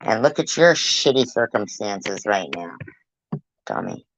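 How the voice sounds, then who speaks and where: A woman's voice: extremely low pitch, big pitch swings, measured pace, rough recording. A woman giving angry reaction commentary on a clip, scolding and cursing with blunt insults.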